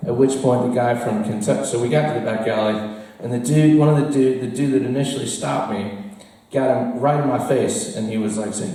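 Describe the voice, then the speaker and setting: A man's voice: mid-range voice, fairly quick, warm tone. An American man telling a rambling, self-deprecating story to a live audience in a bar, often laughing at his own tale. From United States. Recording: roomy echo, from far off.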